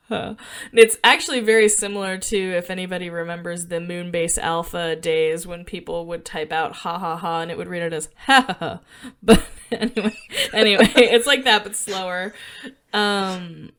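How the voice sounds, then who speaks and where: A woman's voice: lowish voice, fairly even intonation, normal speed, a bit bright, clear, resonant tone. A woman co-hosting a podcast, casually walking through a film scene, with fillers and small laughs. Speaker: podcast co-host.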